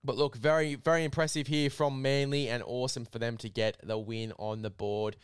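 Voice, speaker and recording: A man's voice: medium pitch, little pitch movement, fairly quick, clean tone, dry recording, clean studio sound. A man hosting a casual rugby league podcast, matey and swearing freely, hyping up a sponsor read. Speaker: podcast host.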